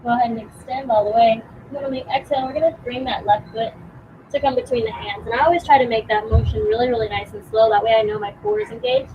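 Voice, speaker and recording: Young woman, yoga teacher, higher voice, calm encouraging cues, outdoors, noisy background. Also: quick pace, dull audio. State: a bit out of breath. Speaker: yoga instructor. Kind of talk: guided yoga class instruction.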